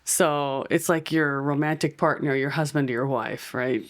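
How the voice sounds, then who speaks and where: A woman's voice: sits low, fairly even intonation, moderate pace. An American woman co-hosting a podcast, chatting casually and laughing often. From United States. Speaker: podcast co-host. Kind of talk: casual chat.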